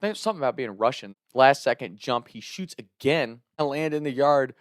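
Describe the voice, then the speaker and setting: A man tells a wild story on his vlog. His voice is mid-pitched and he laughs between lines, cursing freely. The sound is dry and close, with no room around it. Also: expressive, fairly quick, no room sound. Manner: earnest and heartfelt when thanking viewers. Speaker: storyteller and content creator. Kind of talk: storytime vlog, comic anecdote.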